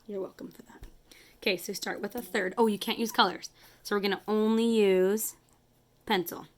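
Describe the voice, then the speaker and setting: A woman's voice: medium pitch, steady tone, normal speed. A woman teacher talking children through a math lesson as she draws, chatty and apologetic, counting aloud as she goes. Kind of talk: casual math lesson to kids.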